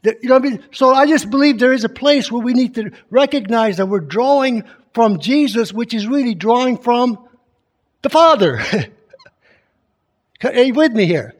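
A man's voice: very high voice, expressive, moderate pace. A man preaching in a conversational teaching style, reading scripture aloud with emphasis and often quizzing his listeners with questions. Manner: keeps quizzing the congregation with questions.

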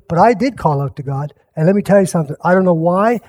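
A pastor with a notably high male voice tells a meandering everyday story as a casual sermon. He stumbles, restarts, and keeps turning to his listeners with little asides. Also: animated, quick pace, a little mellow. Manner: rambling, self-interrupting, chuckling asides to listeners.

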